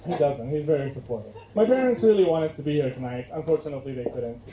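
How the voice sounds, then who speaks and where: Brief: young Syrian man with a Syrian accent, fairly high voice, stand-up comic, self-mocking, full of fillers, noisy room. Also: expressive, quick pace, few pauses, a loud crowd. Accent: Syrian Arabic. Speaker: stand-up comedian. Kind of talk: stand-up set. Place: comedy club stage. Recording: echoey club with loud noise, bad audio.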